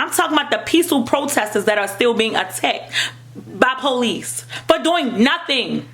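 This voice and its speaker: This young woman's fairly high voice is very animated at normal speed as she vlogs her passionate commentary. With an African American English accent, she hammers points repeatedly and nearly shouts at times.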